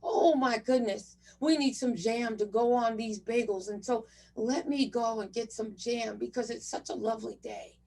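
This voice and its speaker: Chatty preacher voiced by a woman, fairly high, a bit off-mic. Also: normal speed, hardly any pauses, dark tone, recorded from a distance. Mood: cheerful. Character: cheerful male Baptist minister on a fishing boat.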